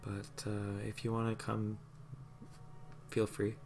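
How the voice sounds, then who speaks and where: A man voicing a soft-spoken grieving woman who talks quietly and hesitantly. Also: on the low side, completely flat delivery, takes it slowly, background noise. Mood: subdued.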